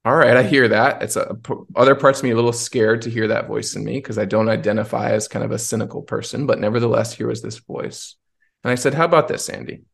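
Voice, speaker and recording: A man's voice: fairly low pitch, level tone, quick pace, creaky. A man hosting a podcast who tells a personal story in an earnest, searching way, often restarting his sentences. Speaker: podcast host. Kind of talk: reflective personal storytelling in conversation.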